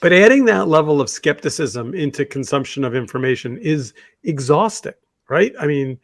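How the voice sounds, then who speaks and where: A man's voice: on the high side, animated, moderate pace, no room sound. A man co-hosting a talk show, telling stories in a rambling, conversational way. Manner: conversational storyteller, rambling with fillers and restarts. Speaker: podcast co-host. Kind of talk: casual discussion.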